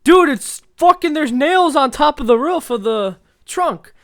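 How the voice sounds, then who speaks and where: A man voicing a young man yelling and cursing while he is locked in a car trunk. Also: very high-pitched, lively intonation, measured pace, pitched above the performer's own voice, full character voice. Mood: yelling in pain. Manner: shouting, cursing, banging.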